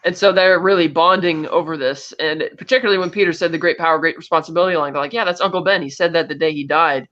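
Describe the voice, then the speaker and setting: A man co-hosting a casual movie review chat, rapidly recapping the plot and acting out the characters' lines. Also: fairly high pitch, steady tone, sharp tone, muffled recording. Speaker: podcast co-host.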